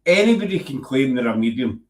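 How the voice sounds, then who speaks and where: A man's voice: medium pitch, sing-song, brisk, reverberant. A Scottish man hosting a casual show, teasing his guest and joking as he rambles. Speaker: host. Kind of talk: casual banter on a web show.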